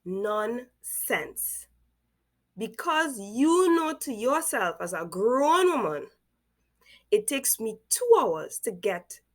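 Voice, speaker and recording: A woman's voice: mid-range voice, fairly bright tone. Caribbean woman, incredulous reaction host. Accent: Caribbean English. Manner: incredulous, repeats rhetorical questions. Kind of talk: reaction commentary.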